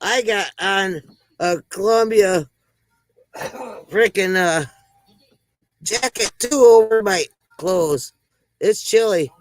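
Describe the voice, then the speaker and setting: A woman's voice: medium pitch, takes it slowly, long pauses, no room sound, poor audio. A woman hosting a casual livestream, chatting with viewers, greeting them by name and telling corny jokes. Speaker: livestream host.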